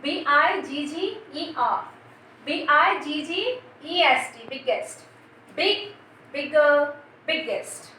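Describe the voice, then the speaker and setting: Woman teacher, high voice, spells words out and quizzes children, very echoey room, distant mic, faint noise. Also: expressive, slow, bright, forceful tone. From India. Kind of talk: classroom grammar lesson.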